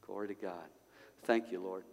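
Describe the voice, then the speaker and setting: A male pastor preaching a sermon at a church service, conversational and animated, full of rhetorical questions. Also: deep voice, normal speed. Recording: long hall reverb.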